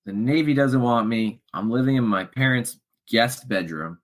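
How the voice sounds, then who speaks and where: A middle-aged man speaking as a podcast guest, telling his own story with raw feeling. His voice sits at an ordinary pitch, sinking low and soft at times and rising into loud bursts at others. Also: animated, normal speed. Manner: emotional, swings from low murmurs to loud shouts. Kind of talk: candid storytelling interview.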